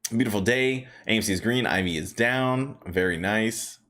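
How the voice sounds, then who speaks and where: A man's voice: fairly low pitch, moderate pace, fairly bright tone. Chatty man hosting a stock livestream. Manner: chatty, upbeat, greets viewers by name; rambling storytelling with many fillers. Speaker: stock market livestream host. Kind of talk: casual livestream chat.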